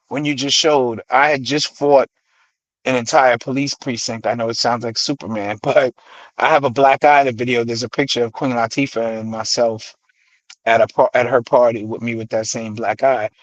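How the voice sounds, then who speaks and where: A middle-aged man from the Bronx with a New York accent, a guest on a radio show, telling his stories with animated energy and acting out the voices he quotes. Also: medium pitch, no room sound, lo-fi sound. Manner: animated storyteller who acts out quoted voices. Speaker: guest, hip-hop artist. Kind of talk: radio interview storytelling.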